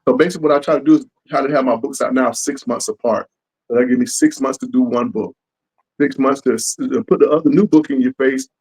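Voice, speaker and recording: A man talks about making his comics in a loose, casual interview. He keeps acting out what his fans say to him, lifting and dropping his voice as he does. His voice sits at a middle pitch. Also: fast, vocal fry, slightly rough, rough recording. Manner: animated, acts out fans' lines. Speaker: comic book creator.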